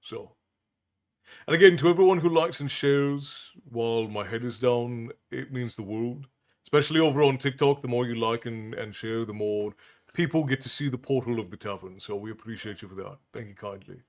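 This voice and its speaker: A man's voice: mid-range voice, a little mellow. A man hosting a tavern-themed live stream, chatting casually and thankfully with his audience between songs. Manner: unhurried, thankful, easygoing banter.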